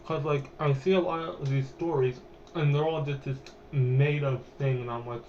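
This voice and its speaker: A man's voice: medium pitch, steady tone, normal speed, lo-fi sound, noisy background. A young man hosting a podcast, telling a personal story in a chatty, rambling way with lots of fillers. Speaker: podcast host.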